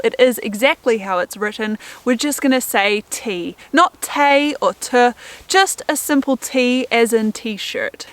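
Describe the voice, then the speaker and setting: Upbeat woman hiking vlogger, slightly high voice. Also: fairly bright tone. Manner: upbeat, clear, coaching tone, slows to spell out sounds. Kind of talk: instructional vlog talk to camera.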